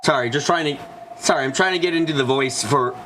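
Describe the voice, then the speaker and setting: A man's voice: fairly high pitch, fast, crowd noise. A man streaming a visual novel, reacting with swearing and self-mocking remarks. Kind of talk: let's-play commentary.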